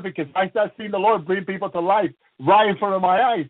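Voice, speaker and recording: Fervent high-voiced man preaching over a phone line. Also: a little fast, no echo. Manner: fervent, peppered with praise exclamations and restarts. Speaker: minister. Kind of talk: preaching testimony. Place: lives in the United States. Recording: thin phone-line radio broadcast sound.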